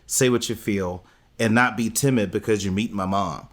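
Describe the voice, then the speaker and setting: A man's voice: fairly low pitch, normal speed, fairly bright tone. A man co-hosting a podcast, giving blunt opinions in a casual chat. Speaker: podcast co-host.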